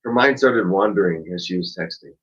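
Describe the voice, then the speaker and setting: A man's voice: deep voice, fairly quick. A man co-hosting a podcast, joking and bantering casually. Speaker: podcast co-host. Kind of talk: casual chat. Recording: distant, dull lo-fi sound.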